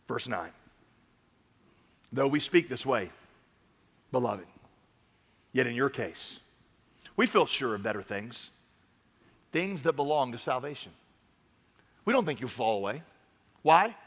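A man preaching a sermon from a church stage, swinging between loud urging and quiet earnest talk. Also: medium pitch, very animated, unhurried, long pauses, slightly rough, in a large hall. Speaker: pastor.

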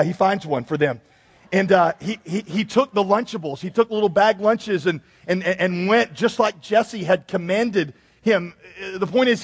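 A man's voice: high voice, breathy edge. A man pastor giving a joking, conversational sermon to his church. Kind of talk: humorous sermon. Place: church sanctuary. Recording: long reverb in a large hall.

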